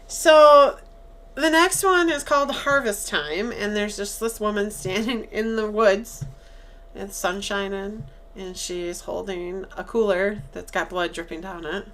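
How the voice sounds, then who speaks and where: Woman podcast co-host, mid-range voice, lively storyteller who acts out the dialogue. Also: mid-range voice, unhurried, a little hiss or hum. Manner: animated, acts out quoted lines with laughs. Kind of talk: casual chat, retelling a movie.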